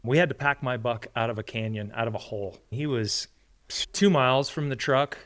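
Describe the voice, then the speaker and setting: A man's voice: mid-range voice, fairly quick. A man, a podcast guest and hunter, telling stories in an earnest, conversational way. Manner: earnest, storytelling with acted quotes. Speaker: hunter and parent. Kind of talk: casual storytelling conversation.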